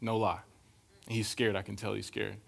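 A man's voice: on the low side, level tone, normal speed, creaky. Casual young man preaching a sermon. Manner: casual, storytelling, keeps checking in with "right?". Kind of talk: conversational sermon.

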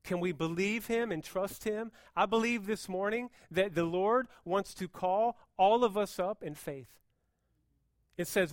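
A man preaching a sermon as pastor, moving between hushed, intense passages and loud, fervent appeals. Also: sits high, unhurried, no room sound, studio quality.

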